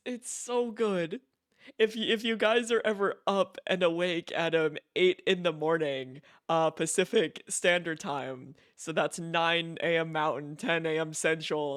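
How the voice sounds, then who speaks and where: Man streamer, slightly high voice, giggly, repeats himself, dry close mic. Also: a bit bright, smooth, no echo. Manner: giggly, repeats words and restarts often. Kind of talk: casual chat.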